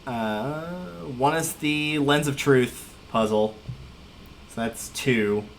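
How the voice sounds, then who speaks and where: A man's voice: medium pitch, takes it slowly, slight background noise. Chatty, wry man streaming a game. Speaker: livestreamer. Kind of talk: casual gameplay commentary.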